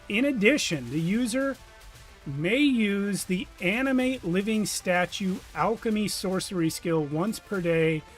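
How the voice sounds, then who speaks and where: A man's voice: sits high, fairly bright tone. A man narrating a tabletop game as game master, with loose, rambling delivery.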